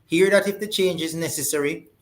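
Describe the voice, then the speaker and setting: A man hosting a talk show with a somewhat high voice. He stresses his points by repeating phrases in an emphatic, preacher-like way. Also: brisk.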